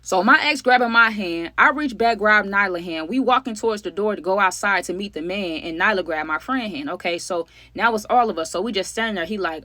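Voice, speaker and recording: A woman's voice: medium pitch, expressive, quick pace, hardly any pauses, pushed and bright, dry recording. A woman telling a story in a casual vlog, slangy and talking straight to viewers, acting out what each person said. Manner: acts out the other people's lines.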